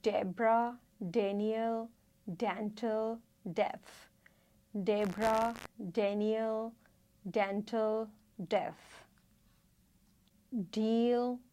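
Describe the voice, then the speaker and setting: A woman teaching a Hindi reading lesson, saying each word slowly and repeating it. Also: fairly high pitch, little pitch movement, mellow. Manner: slow, careful, repeats each word twice. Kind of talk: slow spoken lesson, repeating words.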